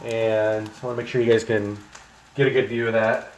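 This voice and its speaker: A man's voice: fairly low pitch, level tone, normal speed. A young man chatting casually to viewers while cooking in his home kitchen on a livestream, rambling with plenty of ums. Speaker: streamer.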